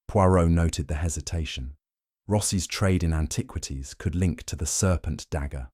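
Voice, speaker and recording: A man narrating a mystery audiobook in a measured, even storytelling manner. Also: deep voice, no room sound, clean studio sound.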